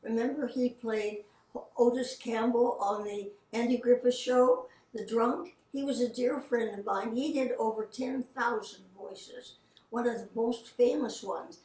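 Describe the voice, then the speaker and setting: An older woman, a veteran voice actress, shares anecdotes in a chatty, casual way and acts out the people in her stories. Her voice sits a touch high. It is recorded from a distance in a roomy, echoing space. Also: steady tone, unhurried, mellow. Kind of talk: casual storytelling.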